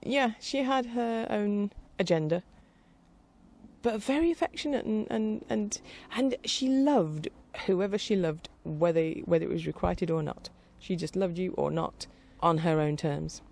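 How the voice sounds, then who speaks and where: A woman's voice: lowish voice, a little slow, a little mellow. A middle-aged woman rambling casually as a podcast host, chatty and meandering. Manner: chatty, meandering, with frequent restarts and laughs.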